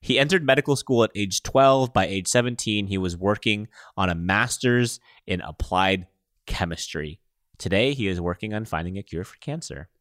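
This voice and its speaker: A man's voice: on the low side, expressive, moderate pace, fairly bright tone, no room sound, clean studio sound. A man co-hosting a casual chat show who reads news items aloud in a jokey way and laughs as he goes. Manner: jokey, laughs while reading, mangles names on purpose. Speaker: podcast co-host.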